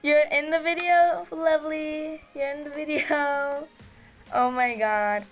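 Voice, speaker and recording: A woman giving casual, excitable gameplay commentary as host of her gaming channel, giggling and squealing with delight. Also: high voice, slow pace, faint music behind.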